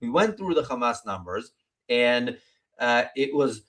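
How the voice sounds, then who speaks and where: A man's voice: medium pitch, big pitch swings, a bit bright, a little hiss or hum. A man hosting a political commentary show, talking in an opinionated way and stalling often on fillers. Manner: opinionated, halting with many fillers. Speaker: host.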